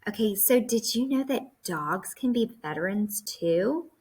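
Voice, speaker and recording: A woman teaches a lesson to young children, explaining each step slowly and patiently. Her voice is a little husky and sits at a middle pitch. She takes her time over every phrase. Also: expressive, darkish tone. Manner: slow, patient, explaining to kids.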